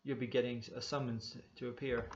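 A man's voice: medium pitch, little pitch movement, fairly quick, muffled recording, slight background noise, natural voice. A man reading a story aloud, voicing a stern, bullying motorcycle policeman who barks and snaps his questions. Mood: gloating threat. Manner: barking, sharp, snapping.

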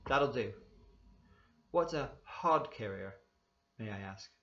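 A man's voice: mid-range voice, lively intonation, takes it slowly, dull audio. A man reading a story aloud, voicing a stern, bullying motorcycle policeman who barks and snaps his questions. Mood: barking, stern. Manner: barking, sharp, snapping.

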